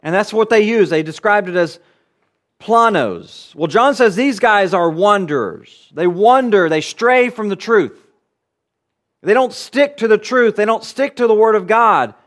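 A man with a high-pitched voice preaches an expository sermon. He teaches in an earnest, emphatic way and builds his points through repeated phrases. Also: lively intonation, measured pace.

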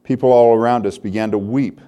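A man's voice: mid-range voice, steady tone, brisk, warm tone. An older man preaching a sermon, reading a story aloud in an earnest, heartfelt way.

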